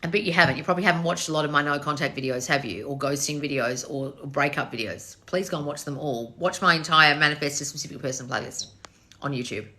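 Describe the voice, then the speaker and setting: A woman with a bright, clear voice hosts a casual live stream and reads viewer comments. She answers them bluntly, firing back rhetorical questions and swearing now and then. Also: sits low, fast talker. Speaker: manifestation coach reading live chat.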